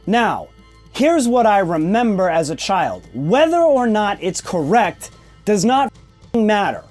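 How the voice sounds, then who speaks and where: Man in his forties, podcast host, high voice, blunt and emphatic, casual swearing, faint music behind. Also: very animated, measured pace, darkish tone. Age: 40s. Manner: emphatic, keeps checking in with "okay?". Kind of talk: candid personal storytelling monologue.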